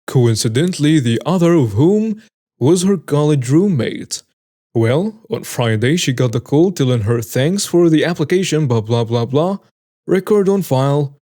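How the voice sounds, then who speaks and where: A man narrates stories from the internet in a mellow, rounded voice that is pitched a little high for a man. He reads them plainly and then adds wry, amused comments of his own. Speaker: story narrator. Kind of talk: reading online stories aloud with commentary.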